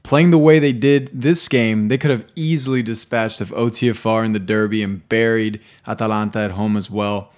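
A man on a casual sports podcast, giving his opinions in a measured way. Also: fairly low pitch, steady tone, darkish tone. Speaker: podcast panelist.

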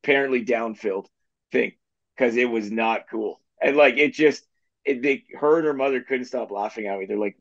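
A man's voice: medium pitch, normal speed. A man co-hosting a real estate podcast, telling loose, self-deprecating stories and laughing at himself. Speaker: mortgage agent and podcast co-host. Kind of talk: casual podcast chat. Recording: slightly dull, muffled sound.

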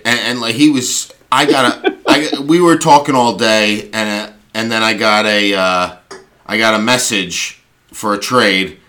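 A man with a lowish voice and a bright, forward tone co-hosts a casual podcast. He chats in a laid-back, wry way. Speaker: podcast co-host. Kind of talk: casual chat.

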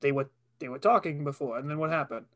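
A man playing a brash, impatient street cop who loudly questions a kid in a joking improvised scene. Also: a little high, quick pace, lightly acted. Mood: barking. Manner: loud, barking, impatient questioning.

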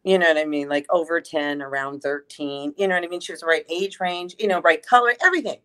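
Animated woman telling a story. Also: low-pitched, fast talker. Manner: animated, swears freely, lots of fillers. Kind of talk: casual storytelling chat.

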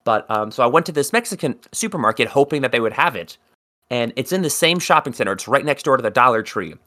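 A man's voice: medium pitch, expressive, quick pace, pushed and bright. A man from South Jersey co-hosting a podcast, telling a long rambling story in casual chat and swearing freely. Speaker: podcast co-host.

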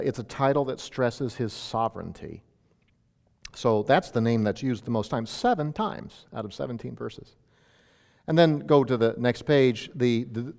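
Pastor preaching in an echoing hall. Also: male voice, mid-range voice, creaky, a little mellow. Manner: teacherly, emphatic bursts on key points. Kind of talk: expository sermon.

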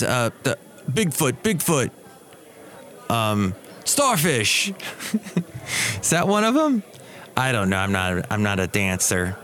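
A man with a slightly bright voice hosts a casual solo podcast, chatting away with sarcastic asides. He often mimics other people in a high voice.

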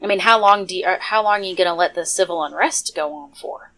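Chatty, low-voiced woman. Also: fast talker, fairly bright tone. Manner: chatty, opinionated. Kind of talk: casual political chat.

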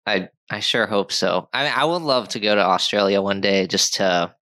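A man's voice: lowish voice, moderate pace, bright, forceful tone, no room sound. A man hosting a casual conversation, chatty and full of "like" fillers.

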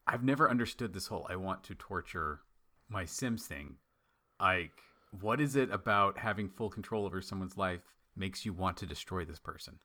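A young man chatting casually on a comedic podcast, telling jokey stories in an animated way. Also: deep voice, a little fast. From United States. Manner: joking, animated storyteller.

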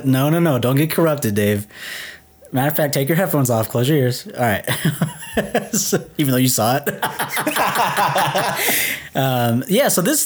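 A man's voice: medium pitch, a little mellow. A man co-hosting a casual film podcast, joking and rambling as he retells a scene. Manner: joking, laughs often; loose, rambling with fillers. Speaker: podcast co-host. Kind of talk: casual chat.

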